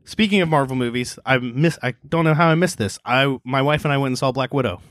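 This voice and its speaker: A man's voice: medium pitch, quick pace, a bit bright, no echo. A man co-hosting a casual podcast, chatty and opinionated, with frequent fillers. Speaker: podcast co-host. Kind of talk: casual chat.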